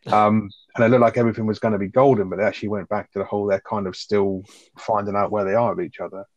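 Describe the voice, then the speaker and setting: A man chatting casually on a podcast, retelling sitcom scenes with swearing and quick asides. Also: lowish voice, little pitch movement, no room sound, highs cut off. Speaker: podcast co-host. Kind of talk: casual chat reviewing a sitcom episode.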